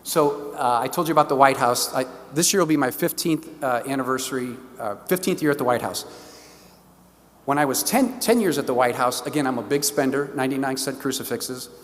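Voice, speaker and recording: Animated St. man in a reverberant church. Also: medium pitch, brisk. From St. Louis, Missouri. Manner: animated, enthusiastic storyteller who acts out the dialogue. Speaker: diocesan stewardship director giving a parish talk. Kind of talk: storytelling church talk. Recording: long reverb of a church hall.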